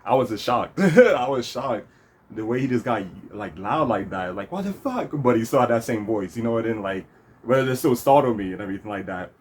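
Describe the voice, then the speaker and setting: A man's voice: lowish voice, fairly quick, breathy edge. A man hosting his own vlog, telling a story in a rambling casual way with lots of fillers and restarts. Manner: rambling, many fillers and restarts, laughs often. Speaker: vlog host.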